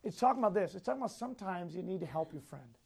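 A man's voice: high voice, expressive, very fast, vocal fry, darkish tone, husky. A man teaching a Sunday school lesson to a class, repeating key points, asking questions and chuckling often as he tells personal stories. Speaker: youth Bible teacher.

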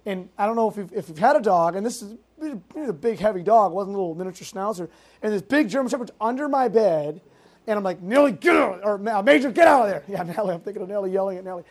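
A youth pastor from Massachusetts, United States, preaches a youth group sermon to teenagers. He tells stories in a lively way at a medium pitch, full of fillers and quick asides that interrupt himself.

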